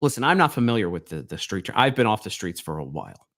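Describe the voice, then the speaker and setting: A middle-aged man hosting a reaction commentary show, sarcastic and mocking, dropping to mutters and then bursting out loud. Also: lowish voice, sing-song, fast. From Southwest Baltimore, US.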